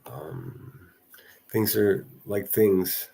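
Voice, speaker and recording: A man's voice: deep voice, extremely slow, gravelly, mellow, slightly rough. Rambling man reading his livestream chat. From northern US city. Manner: rambling, reads chat aloud, frequent restarts. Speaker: livestream host. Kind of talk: casual livestream commentary.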